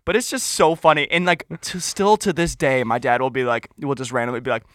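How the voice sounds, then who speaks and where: A man's voice: medium pitch, steady tone, a little fast, a bit bright, dry recording. A young man co-hosting a podcast in casual chat, telling stories animatedly with laughs and acted-out quotes. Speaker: podcast co-host.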